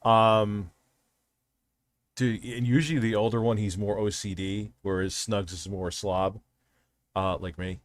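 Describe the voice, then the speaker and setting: A man's voice: lowish voice, little pitch movement, unhurried, long pauses, dry recording. A man hosting a livestream, chatting casually with lots of swearing, rambling and restarting his sentences. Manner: restarts and trails off. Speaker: livestream host.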